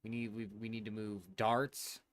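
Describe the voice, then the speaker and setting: A man's voice: lowish voice, level tone, unhurried. A man streaming a game live, chatting casually and rambling with his viewers, dropping swear words as he goes. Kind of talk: casual livestream chat while gaming.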